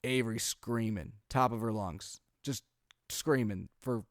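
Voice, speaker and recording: A man's voice: on the low side, measured pace, no room sound, clean studio sound. A man in his thirties, a father co-hosting a podcast, telling a long family story casually, acting out quotes and filling gaps with "like" and "um". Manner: animated storyteller, acts out quotes, frequent "like" and "um". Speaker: podcast co-host.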